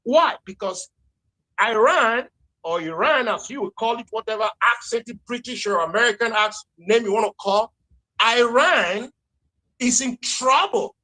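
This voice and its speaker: A man's voice: very high voice, moderate pace, bright, forceful tone. A man with a Nigerian accent, speaking heatedly and repeating points in a live social media audio chat. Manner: heated, emphatic, repeats himself.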